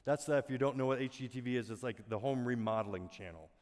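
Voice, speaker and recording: A middle-aged man preaching a sermon as a pastor, earnest and soft-spoken, often dropping his voice almost to a whisper. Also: mid-range voice, quick pace. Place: church auditorium. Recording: long hall reverb.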